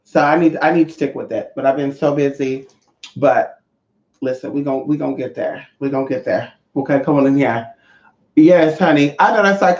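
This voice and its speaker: A man in his thirties chatting casually on a livestream, sassy and expressive. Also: normal speed. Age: 30s. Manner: sassy, expressive, swings pitch a lot. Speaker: livestream host. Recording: roomy dull lo-fi sound.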